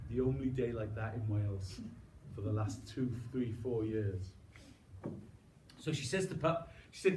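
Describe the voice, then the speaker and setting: Animated man telling a story to a crowd. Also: lowish voice, measured pace, background noise. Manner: animated, coaxing audience to join in, with sound effects. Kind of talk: interactive live storytelling. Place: room with live audience. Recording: roomy, distant mic.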